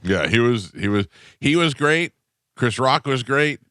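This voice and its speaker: A man's voice: mid-range voice, expressive, unhurried, bright, forceful tone, no room sound, clean studio sound. A man hosting a morning radio show in casual banter, blunt and opinionated, grumbling and mocking people. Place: radio studio.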